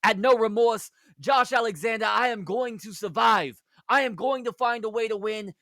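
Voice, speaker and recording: A man's voice: high voice, moderate pace, bright, forceful tone, dry recording, studio quality, pitched above the performer's own voice. A man voicing a cocky British male wrestler, with a put-on British accent and a pompous, declaiming manner. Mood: defiant.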